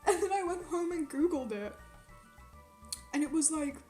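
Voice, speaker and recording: Young woman streamer, bright high voice, rambling and foul-mouthed, echoey room. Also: animated, moderate pace, soft background music. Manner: rambling, swears a lot, ranting. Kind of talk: casual chat with live chat. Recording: roomy echo.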